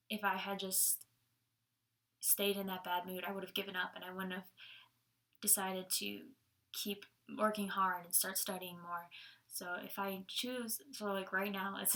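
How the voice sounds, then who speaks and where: A woman's voice: medium pitch, vocal fry, bright, forceful tone. A young woman giving a casual Sunday devotional talk, chatty, laughing often and using many fillers. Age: young adult.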